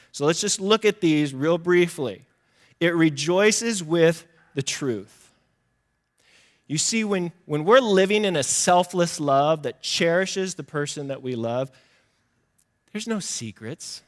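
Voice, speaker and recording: A man's voice: fairly high pitch, lively intonation, slow, in a large hall. A male pastor giving a conversational sermon, acting out little quoted exchanges and poking fun at himself. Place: church sanctuary.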